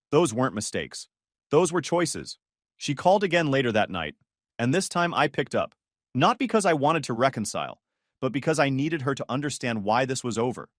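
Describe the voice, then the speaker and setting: Man narrating with a lively, dry voice. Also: mid-range voice, dry recording. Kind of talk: scripted first-person story narration.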